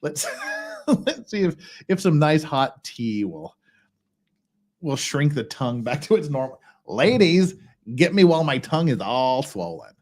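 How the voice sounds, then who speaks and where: A man talks through legal filings in a loose, sarcastic stream commentary. His delivery is animated, his pitch rising and falling a lot, and he laughs readily at his own jokes. His speech sounds a little thick, as if his tongue were swollen. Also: a little slow. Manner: sarcastic, mocking, laughs often. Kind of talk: casual livestream commentary.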